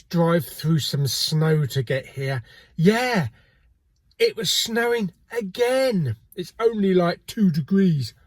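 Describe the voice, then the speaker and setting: A man's voice: high-pitched, lively intonation, slow pace, faint music behind. A man hosting a casual shopping vlog, cheeky and jokey, swearing casually. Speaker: video host. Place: car and multi-storey car park.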